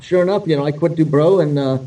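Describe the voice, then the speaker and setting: Fast-talking high-voiced man, distant mic. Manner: animated, profane, acts out quoted dialogue. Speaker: guest guitarist. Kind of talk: casual storytelling.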